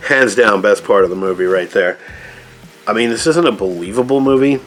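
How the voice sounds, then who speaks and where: A man's voice: lowish voice, fairly quick, fairly bright tone, faint music behind. Laid-back man rambling through a movie review. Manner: loose, rambling, frequent "like" and "I don't know" asides.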